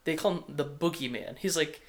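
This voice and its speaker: A man's voice: a little high, brisk. A young man hosting a casual movie podcast, talking in a rambling way with lots of fillers and restarts. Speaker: podcast host.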